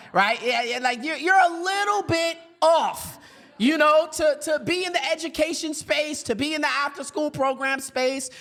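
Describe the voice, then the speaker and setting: A man with a fairly high voice talks to educators in an easygoing, animated way. He leans on fillers and quick asides, and often puts on other voices when he quotes people. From grew up in foster care. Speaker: podcast host and speaker for educators. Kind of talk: motivational talk.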